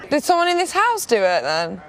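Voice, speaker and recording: A woman's voice: high-pitched, huge pitch swings, fairly quick, fairly bright tone. A woman on a reality show chatting casually, indignant and sarcastic. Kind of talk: casual chat. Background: housemates chattering.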